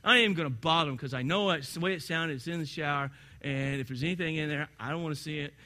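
A man's voice: fairly high pitch, fast, sharp tone. A man preaching a sermon in a conversational, storytelling way that builds to emphatic peaks. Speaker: pastor.

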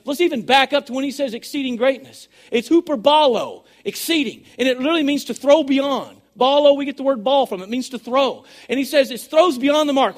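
A man preaching a sermon, excitable and swinging between shouting and a hushed voice. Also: very high-pitched. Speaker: pastor.

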